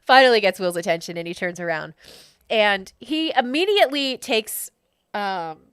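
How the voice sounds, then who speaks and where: A woman's voice: medium pitch, expressive, moderate pace, fairly bright tone, clear, resonant tone, dry recording, studio quality. A woman running a tabletop game as game master, chatty and self-mocking.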